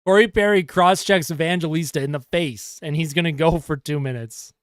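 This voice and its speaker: A young man calling hockey play-by-play as a fan on a live stream, getting excited over the action and chatting with his viewers in between. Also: fairly high pitch, a little fast, clear, resonant tone, no room sound, clean studio sound. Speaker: livestream host and hockey fan commentator.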